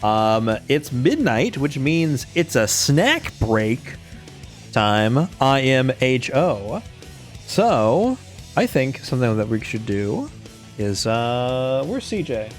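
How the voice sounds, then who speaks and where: Animated young man hosting a stream. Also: medium pitch, slow pace, faint music behind. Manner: easygoing, talks while fiddling with stream settings. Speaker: streamer host. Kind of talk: casual livestream chat.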